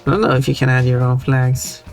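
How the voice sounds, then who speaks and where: A woman's rumbling low voice moves a little fast as she streams a game, casually chatting and browsing options. She laughs often and keeps things relaxed, while game music plays underneath.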